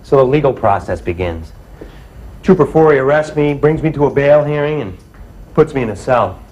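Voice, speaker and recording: A man's voice: medium pitch, expressive, normal speed, darkish tone, slight background noise, low-quality recording. Plain-spoken man telling his true story. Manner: plain-spoken, reflective, leans on "you know". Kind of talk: personal storytelling to an audience.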